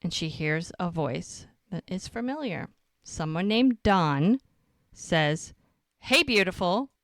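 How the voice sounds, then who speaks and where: A woman co-hosting a podcast, casually retelling scenes and acting out the characters' lines in quick voices. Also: on the low side, expressive, no echo. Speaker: podcast co-host recapping episodes.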